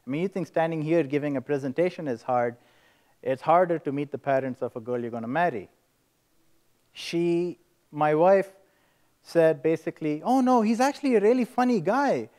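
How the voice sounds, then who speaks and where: A man giving a presentation on a stage, telling a casual, animated anecdote and joke. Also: fairly high pitch. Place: conference stage.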